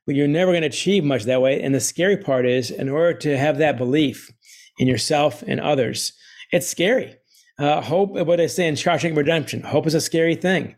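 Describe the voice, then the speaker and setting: A middle-aged man, an author speaking as a guest, telling stories in an animated way and laughing often. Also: a little high, fairly quick. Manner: energetic, quotes others in put-on voices, laughs often. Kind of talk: animated storytelling interview.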